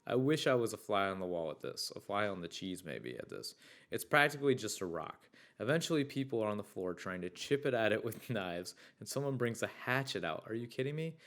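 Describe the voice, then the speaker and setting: A young man with a fairly low voice hosts a casual podcast and reads stories sent in by listeners. He breaks in often with loud, excitable reactions and free swearing, then settles back into easy chat. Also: a little fast. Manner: excitable, swears freely, riffs loudly on stories. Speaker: podcast host.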